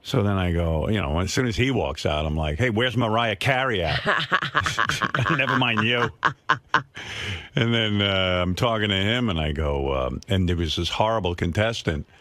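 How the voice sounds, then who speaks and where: A man hosting a radio show, chatting casually and telling animated, profane stories, sometimes mimicking people he quotes. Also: low voice, unhurried, no echo. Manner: animated storyteller, swears freely, mimics others in quotes. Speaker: radio host. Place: radio studio. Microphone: close studio microphone.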